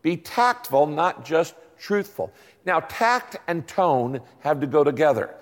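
A male pastor preaching a sermon to his congregation, lively and animated, fond of catchy rhymes and questions to the crowd. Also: a little high, a little slow, long reverb tail. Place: large church hall.

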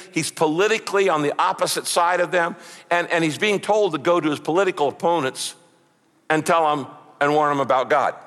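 A man's voice: on the high side, a bit bright. A man preaching a sermon, emphatic, asking rhetorical questions and repeating words. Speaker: pastor. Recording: long hall reverb.

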